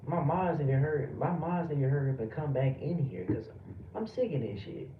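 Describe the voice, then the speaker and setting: A man's voice: a little high, animated, a little fast. A man from the United States, a live streamer, ranting heatedly and profanely back at his chat. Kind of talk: livestream rant at chat. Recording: roomy, distant, dull lo-fi audio with background noise.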